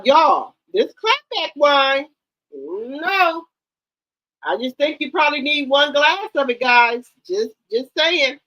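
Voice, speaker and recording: A woman's voice: high voice, a bit bright, highs cut off. A middle-aged woman hosting a casual livestream, talking bluntly to her viewers and repeating herself for emphasis. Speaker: livestream host.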